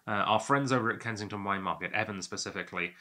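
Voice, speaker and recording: A man's voice: fairly low pitch, fast talker, pushed and bright. A man hosting a whisky tasting, chatting in a rambling, self-amused way as he sips and talks to the camera. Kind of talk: casual tasting monologue.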